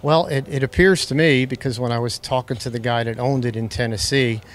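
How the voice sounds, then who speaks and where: A man who owns a classic car, telling its history in a relaxed, matter-of-fact way as an interview guest outdoors at a car show. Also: medium pitch, brisk, a little hiss or hum.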